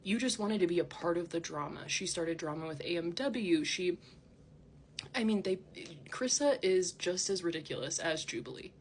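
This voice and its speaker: Indignant woman vlogger, lowish voice. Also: expressive, normal speed, a little hiss or hum. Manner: indignant, defensive, full of "like" fillers. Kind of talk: ranting to camera.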